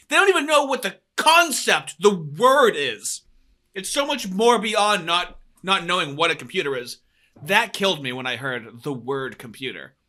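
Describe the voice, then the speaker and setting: A man hosting a podcast, ranting in casual commentary with lots of swearing. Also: high-pitched. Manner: profane, animated, ranting. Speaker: podcast host.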